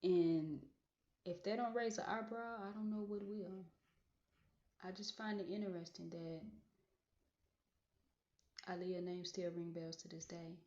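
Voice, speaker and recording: A woman's voice: lowish voice, steady tone, a little slow, long pauses, a little mellow. A woman hosting a casual solo podcast monologue, musing aloud and repeating phrases for emphasis. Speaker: podcast host. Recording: echoey room, dull lo-fi sound.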